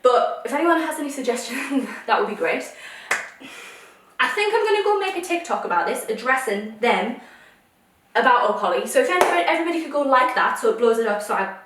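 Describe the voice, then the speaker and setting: A woman's voice: a little high, big pitch swings, fairly quick, far from the mic, background noise. A young woman vlogging a try-on haul, ranting in an exasperated way. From United Kingdom. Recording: echoey room, voice a little off mic.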